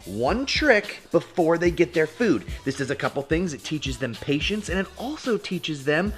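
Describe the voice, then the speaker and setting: A young man hosts a casual instructional vlog from his home, playful and jokey as he talks to viewers. His voice sits a touch high and is very animated, with faint music playing behind him. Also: normal speed. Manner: playful and jokey, calls viewers bro and dude. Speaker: dog trainer and video host.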